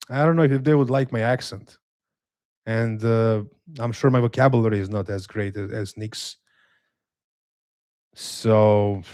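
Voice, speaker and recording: A man with a Slavic accent hosting a live watch-along stream, reading chat aloud and answering in a relaxed, hesitant, self-deprecating way with dry humor. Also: mid-range voice, dry recording. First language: a Slavic language. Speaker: livestream host reading chat.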